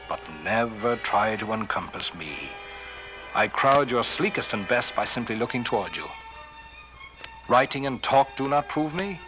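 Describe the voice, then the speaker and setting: A man giving a theatrical poetry recitation, swelling on some phrases and dropping to a hushed whisper on refrains. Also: mid-range voice, poor audio. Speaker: poetry reader.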